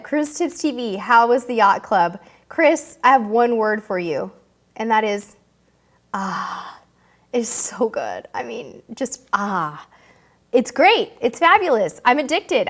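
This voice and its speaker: A woman's voice: high-pitched, fairly bright tone. A woman hosting a live-stream Q&A, reading viewer questions aloud in a bubbly, chatty way. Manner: bubbly, chatty, emotional, self-deprecating. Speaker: host.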